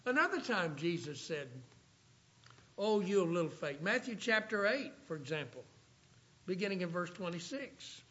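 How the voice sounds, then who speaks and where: A man preaching a sermon, reading scripture aloud and slowing down for emphasis. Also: high voice, sing-song, pushed and bright. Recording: dull lo-fi recording.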